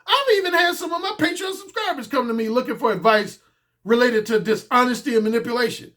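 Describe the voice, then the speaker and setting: Male dating coach, high forceful voice, blunt and profane, hammers points by repeating them. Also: lively intonation, quick pace. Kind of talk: blunt casual monologue.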